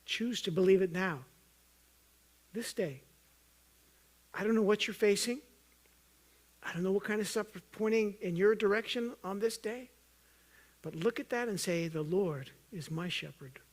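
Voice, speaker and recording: A man preaching a sermon as pastor, earnest and urging, at times loud and at times hushed, joking with the congregation. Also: unhurried, long pauses. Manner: earnest, swings from loud emphatic urging to soft low intensity; jokes with the congregation.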